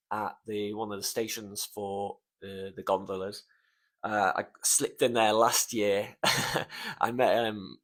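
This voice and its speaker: A young man hosting a casual solo podcast, choked up and close to tears as he rambles, swearing often and filling pauses with ums. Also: fairly low pitch. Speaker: podcast host.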